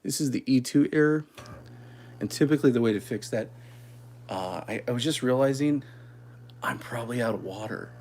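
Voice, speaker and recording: A man hosting a casual coffee livestream, chatty and quick to laugh at his own mistakes. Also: medium pitch, very animated. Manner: self-deprecating, chatty, laughs at himself. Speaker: coffee channel host. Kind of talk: casual livestream chat while making espresso.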